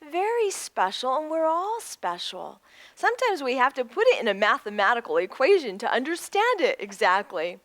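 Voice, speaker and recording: Animated woman reading to children. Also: sits high, moderate pace, no echo. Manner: animated, with teaching asides. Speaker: children's story-time reader. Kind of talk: reading a picture book aloud to children.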